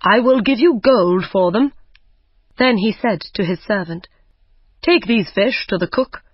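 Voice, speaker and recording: A commanding king, read aloud by a storyteller in a learners' audiobook. He gives orders slowly and plainly. The sound is dry and dull. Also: medium pitch, husky, no echo. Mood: pleased. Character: pleased king ordering a servant. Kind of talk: simple audiobook reading for learners. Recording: dull lo-fi recording.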